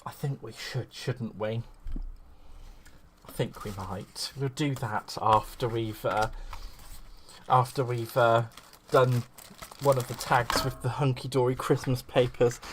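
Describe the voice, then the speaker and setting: A man's voice: mid-range voice, steady tone, slow pace, long pauses, slight background noise. A man hosting a live crafting stream, chatting in a rambling, gushing way and greeting viewers fondly. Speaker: craft livestream host.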